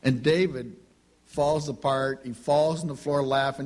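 A man's voice: medium pitch, steady tone, unhurried, a little mellow. A middle-aged man preaching a sermon, telling folksy family anecdotes and acting out the dialogue. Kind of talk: sermon with storytelling.

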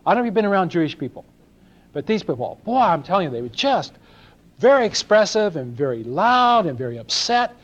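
A man's voice: high voice, big pitch swings, brisk. An older man from Los Angeles preaching a sermon in a conversational way, asking his congregation questions and acting out small exchanges. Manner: conversational, asks the congregation questions, acts out little dialogues. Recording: dull lo-fi sermon recording.

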